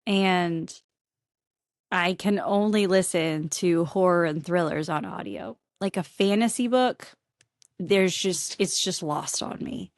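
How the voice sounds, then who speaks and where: A woman's voice: lowish voice, takes it slowly, dry recording, studio quality. A woman who runs a bookstore, chatting on a podcast as a guest and laughing often. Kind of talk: casual podcast chat.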